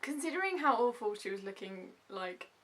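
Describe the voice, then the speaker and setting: A woman recapping in a casual vlog, gushing and animated with constant asides. Her voice is bright and clear, tossing off quick filler words as she goes. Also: on the high side. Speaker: vlogger reviewing a TV episode.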